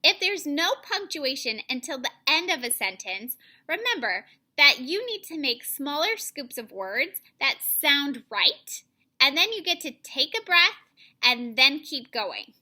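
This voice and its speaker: A young woman teacher giving an online reading lesson to children, modeling phrasing clearly and deliberately. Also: high-pitched, very animated, bright, forceful tone.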